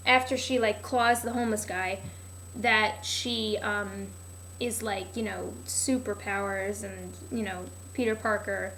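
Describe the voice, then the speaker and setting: Pitched high, a young woman's voice drifts through a loose vlog summary of a TV series, packed with sarcasm and "like." She keeps losing track of where she was.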